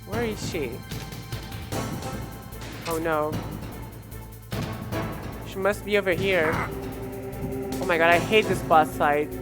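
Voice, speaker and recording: A woman's voice: lowish voice, slow, long pauses, over loud music. Chatty young woman streaming a game. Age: 20s. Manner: chatty, rambling, stumbling restarts. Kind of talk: casual gameplay livestream chat.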